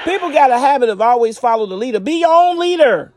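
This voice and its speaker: In a noisy background, a relationship advice host with a high-pitched, lively voice talks quickly and casually about relationships. She's blunt, curses and laughs often, and addresses her listeners as ladies and gentlemen throughout this advice monologue.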